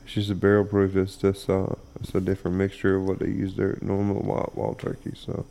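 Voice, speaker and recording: A man with a somewhat low voice talking over drinks with friends. He rambles, trails off and fills his pauses while working out what he means. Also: completely flat delivery, vocal fry, mellow. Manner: unsure, rambling, filler-heavy. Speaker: podcast co-host. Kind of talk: casual drinking chat.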